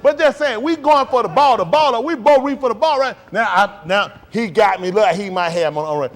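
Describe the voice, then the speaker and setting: A man with a high voice talks to his congregation in a casual, blunt way. His pitch swings widely as he jokes, acts out plays and rants. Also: brisk, slight background noise. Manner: animated, joking and acting out plays; blunt, ranting. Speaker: speaker addressing a congregation. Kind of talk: casual, animated talk to a congregation.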